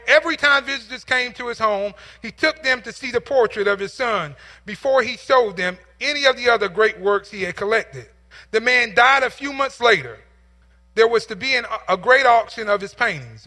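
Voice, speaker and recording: A male pastor preaching a sermon through a told story, rising into emphatic, repeated calls. His voice is unusually high for a man and very bright and ringing in tone. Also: in a large hall.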